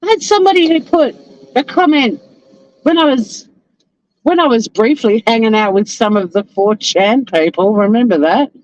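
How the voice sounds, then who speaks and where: A woman's voice: on the high side, animated, normal speed, highs cut off. An Australian woman vlogging as she drives. She chats in a rambling, casual way and laughs often. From Tasmania, Australia. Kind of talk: casual chat while driving. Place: inside a moving car. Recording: car road noise.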